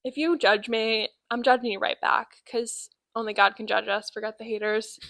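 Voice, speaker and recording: A woman's voice: a little high, normal speed, gravelly, no room sound, rough recording. A nineteen-year-old woman co-hosting a podcast, telling funny stories in casual chat and acting out the people she quotes. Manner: animated storyteller acting out quoted voices. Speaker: podcast co-host.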